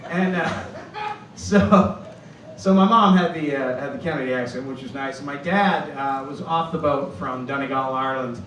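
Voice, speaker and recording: A man's voice: mid-range voice, moderate pace, fairly bright tone, a little hiss or hum. A man in his fifties from Boston doing a stand-up set on a club stage, rambling and self-deprecating. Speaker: stand-up comedian. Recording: roomy club, from far off.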